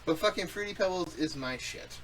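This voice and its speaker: Loud, teasing, profane young man. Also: a little high, lively intonation, brisk, recorded from a distance, poor audio. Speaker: co-host. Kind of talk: casual podcast chat.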